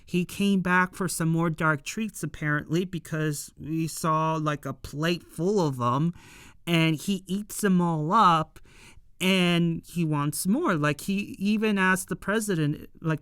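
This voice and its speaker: Slow, smooth-voiced rambling show reviewer. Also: mid-range voice, fairly bright tone, dry recording, studio quality. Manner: rambling, heavy fillers, loosely paraphrases scenes. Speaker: episode reviewer. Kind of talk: casual episode recap.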